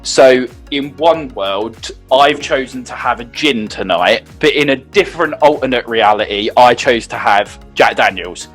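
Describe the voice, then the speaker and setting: A man in his middle pitch tells one thing after another in an easy, chatty co-host way, his talk filled with "like" and bursts of laughter. Faint music sits underneath the voice. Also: a little slow, hardly any pauses. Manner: animated, laughing, full of "like" fillers. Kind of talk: casual chat.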